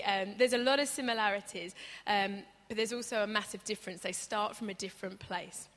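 A woman's voice: mid-range voice, fairly quick, hardly any pauses, fairly bright tone. A woman preaching a conversational sermon, chatty and humorous, acting out stories as she goes. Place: church hall. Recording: reverberant church hall.

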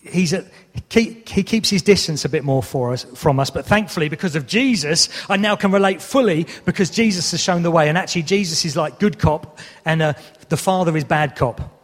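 A man in his thirties preaches with a fairly high pitch, talking a little fast and rarely pausing. He is candid and pokes fun at himself with bits of humor, his words echoing with the long reverb of a church hall.

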